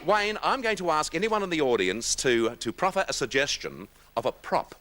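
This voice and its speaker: A man's voice: on the high side, expressive, normal speed. An Australian man hosting a live TV talk show, rambling and joking with the studio audience, often laughing. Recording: 1980s TV broadcast, loud audience noise.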